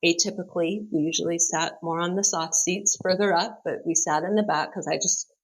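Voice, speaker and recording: A woman's voice: fairly low pitch, brisk, poor audio. Earnest middle-aged woman telling a story. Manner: earnest and open, lively when retelling. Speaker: podcast guest. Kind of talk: heartfelt personal storytelling.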